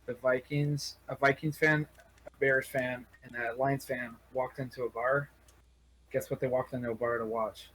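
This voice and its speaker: A man from Wisconsin chats as a stream guest, joking and telling loose, rambling stories. His pitch sits mid-range. A faint noise runs behind him. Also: flat delivery, normal speed, fairly bright tone, poor audio. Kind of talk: casual interview chat.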